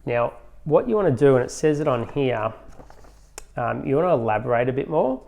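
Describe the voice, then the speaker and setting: A man's voice: medium pitch, lively intonation, fairly quick, gravelly, a little mellow. A man who runs a photography studio, giving a casual, conversational lesson on client consultations and acting out bits of client dialogue. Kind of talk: instructional talk.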